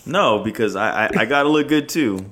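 A man co-hosting a casual podcast, telling stories rapidly with restarts and swearing. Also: medium pitch, lively intonation, a bit bright. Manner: rapid, profane storytelling with restarts. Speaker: podcast co-host and school coach.

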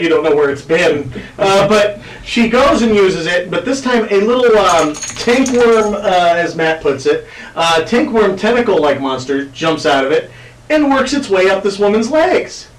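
A man with a high-sitting, animated voice hosts a podcast at normal speed, sounding distant from the mic in an echoey room. His casual chat rambles crudely and is packed with fillers.

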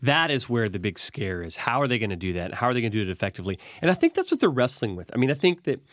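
A man's voice: mid-range voice, very animated, racing, fairly bright tone, dry recording, studio quality. A man in his forties, a guest from an investment firm, agreeing readily and thinking aloud about markets with frequent restarts. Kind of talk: conversational finance interview.

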